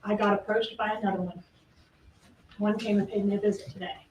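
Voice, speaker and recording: A woman's voice: mid-range voice, little pitch movement, darkish tone, highs cut off, slight background noise. A woman prosecutor giving a closing argument in court, pressing the jury with pointed rhetorical questions. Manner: rhetorical questions, emphatic pauses. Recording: echoey courtroom audio from far off.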